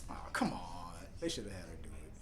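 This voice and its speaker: A young man hosting a live TV reaction, rambling and joking excitedly as he talks over the episode. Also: fairly quick, crowd noise. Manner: excitable, rambling, jumps into high put-on voices for jokes. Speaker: reaction video host.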